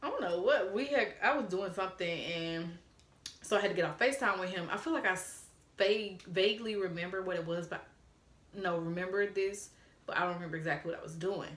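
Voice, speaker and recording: A woman's voice: fairly low pitch, fairly quick, a bit bright. A young woman vlogger telling a story casually, blunt and frank, swearing freely and mimicking the texts she got. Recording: roomy echo.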